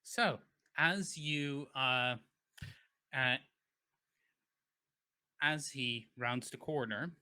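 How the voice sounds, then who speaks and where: Bright-voiced, slow-talking game master. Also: male voice, medium pitch, clear, resonant tone. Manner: unhurried, with frequent fillers and self-corrections. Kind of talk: narrating a tabletop game.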